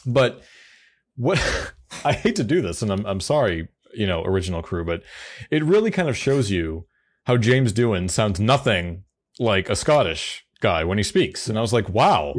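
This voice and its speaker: A man's voice: fairly low pitch, big pitch swings, moderate pace. A man co-hosting a podcast, chatting casually and rambling with frequent restarts. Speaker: podcast co-host. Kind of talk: casual chat.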